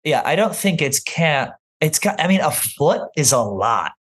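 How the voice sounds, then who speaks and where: A man co-hosting a podcast, trading playful, teasing banter in relaxed chat. His voice sits a little higher than most men's. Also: a little slow. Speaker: podcast co-host. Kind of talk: casual chat.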